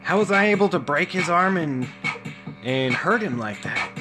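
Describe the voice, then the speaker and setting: A man voicing a weary, wounded male fighter who speaks in a quiet, doubtful way. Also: high-pitched, expressive, normal speed, music in the background, voice pushed up.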